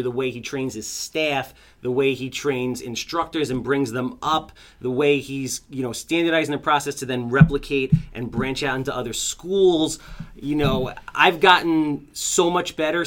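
A man's voice: mid-range voice, a bit bright. A man hosting a podcast, joking and self-mocking as he talks, running through promos and a guest introduction. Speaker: podcast host. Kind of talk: casual podcast chat.

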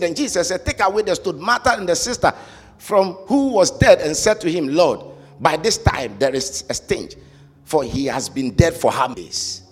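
A man preaching a sermon, emphatic and sing-song, rising to shouts and asking the congregation to repeat phrases. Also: high-pitched. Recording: reverberant hall with faint music.

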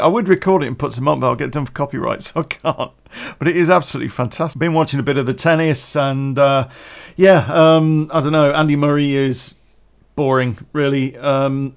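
A man's voice: a little high, gravelly. Rambling man hosting a podcast. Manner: rambling, chuckles often, swears casually. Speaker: podcast host. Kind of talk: casual solo podcast chat.

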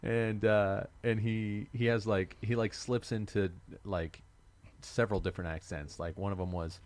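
Deep-voiced man steering the chat. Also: moderate pace, a little mellow. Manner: teasing, leads topics. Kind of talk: casual podcast chat.

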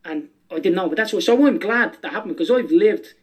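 A man's voice: high-pitched, animated, brisk, poor audio. A man telling stories as a podcast guest, rambling and swearing freely. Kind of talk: casual storytelling.

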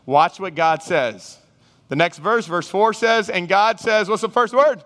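A man preaching a sermon, animated, acting out Bible figures and his listeners in raised voices. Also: high voice, measured pace. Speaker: pastor. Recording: reverberant hall sound.

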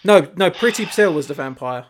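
Male, casual podcast co-host; lively, swears freely. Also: a little high, a little fast. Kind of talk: casual chat.

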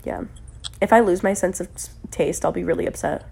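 A woman's voice: lowish voice, brisk, gravelly, a little mellow, husky. A woman guesting on a podcast, chatting casually, teasing bluntly and swearing freely. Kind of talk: casual chat.

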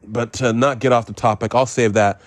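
On his podcast, a man reviews a film in a rambling, sarcastic monologue packed with swearing, digressions and self-mocking jokes, including jokey made-up phrases. His voice is medium-pitched and steady at a normal speed, with no echo.

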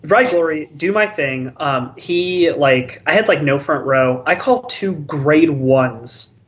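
A podcast co-host tells a long story about a card game match in casual chat. The telling rambles and stammers, with lots of restarts. The voice sits at a middle pitch, and the audio is dull and lo-fi. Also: animated, slow pace.

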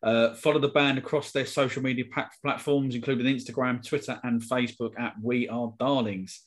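A man's voice: medium pitch, steady tone, fairly quick. A man hosting a podcast, wrapping up in a friendly, filler-heavy way. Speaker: podcast host. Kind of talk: casual podcast chat and sign-off.

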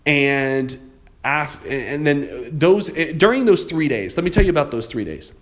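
A man's voice: on the high side, expressive, unhurried. A man, a real estate investor and public speaker, telling a motivational story in a conversational way, often repeating words as he goes.

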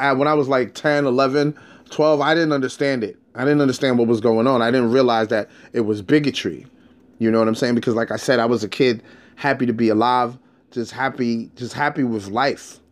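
A man recounts his life in a loose, unscripted monologue. His talk is streetwise and blunt, full of repeated words and restarts. His voice sits at an ordinary pitch for a man. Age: adult, past his teens. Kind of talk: casual personal storytelling monologue.

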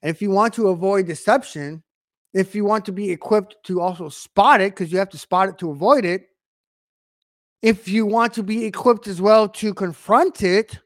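Male online preacher, fairly high voice, dry close sound, emphatic with rhetorical questions and sudden loud swells. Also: dry recording. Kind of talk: online sermon to camera.

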